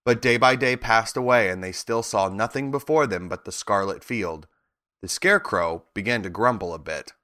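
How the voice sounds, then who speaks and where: A man reading a children's storybook aloud with expressive narration. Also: fairly low pitch, moderate pace. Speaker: reader.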